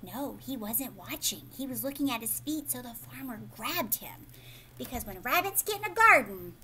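Bright-voiced teacher reading to children. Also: female voice, a little high, very animated, normal speed, slight background noise. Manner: explains pictures and asks questions to young listeners. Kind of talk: children's read-aloud storytelling.

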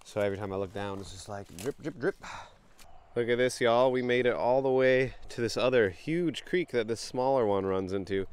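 A young man, chatting excitedly to viewers while wading a creek, sniffling from allergies. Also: medium pitch, brisk, few pauses, clean tone. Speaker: bottle-hunting vlogger. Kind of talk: casual outdoor vlog narration. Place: outdoors in a creek.

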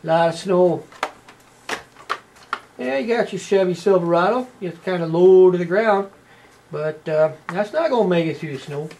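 A man's voice: high-pitched, normal speed, pauses often, a little mellow, slight background noise. A man with a Canadian accent giving casual, rambling unboxing commentary, tagging his lines with "eh" and plenty of "uh". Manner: folksy, rambling, tags lines with "eh". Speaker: toy unboxing presenter.

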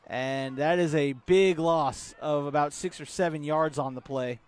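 A man calling youth football play-by-play outdoors at a field, relaxed, with filler words. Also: on the high side, a little slow, clean tone. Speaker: play-by-play commentator.

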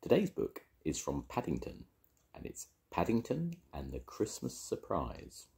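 An older man reading a children's picture book aloud to his grandchildren, lively and expressive. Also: sits low, a little slow, vocal fry. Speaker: storytelling grandfather.

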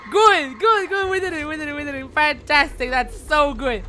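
A man whose first language is Spanish, streaming a game live in English, swinging between excited shouts and quiet muttering, swearing and repeating phrases. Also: very high-pitched. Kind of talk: live gameplay commentary.

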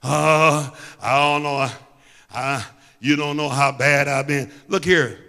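A Midwestern American pastor delivers a fervent sermon, his high, sharply bright voice echoing through a church sanctuary with long reverb. He shifts from quiet, intimate asides to full-throated shouting, speaking slowly with fairly even intonation.

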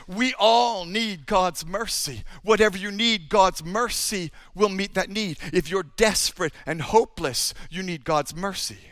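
A man preaching a sermon in a high, bright, ringing voice. He swings from loud declarations to hushed, low passages as he tells his stories. The sound is dry and close. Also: no room sound. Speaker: pastor.

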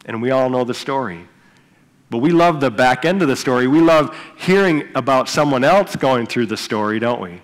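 A man's voice: mid-range voice, expressive, normal speed. Man preaching in a reverberant church hall. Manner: conversational preaching, retells Bible stories with asides. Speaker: pastor. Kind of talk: sermon. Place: church sanctuary.

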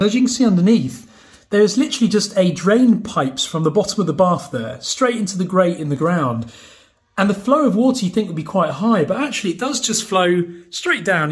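A man's voice: high-pitched, sing-song, brisk. A British man vlogging casually from his home bathroom, explaining things in a chatty, joking way. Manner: chatty, jokey, explains while showing things. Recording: echoey tiled bathroom.

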